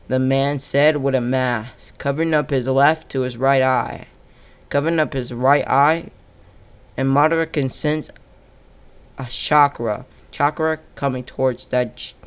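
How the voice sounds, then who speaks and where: Slow, halting male fan-story narrator. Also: mid-range voice, clear, resonant tone. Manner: halting, corrects himself mid-story. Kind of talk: improvised fan-fiction storytelling.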